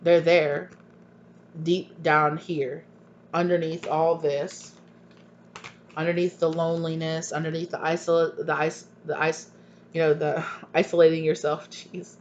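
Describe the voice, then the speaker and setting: A man gives viewers a tarot reading in an unhurried, fairly high voice with little pitch movement. His manner is earnest and emphatic, full of repetition and pointed questions. Faint hum sits beneath the dull, lo-fi recording.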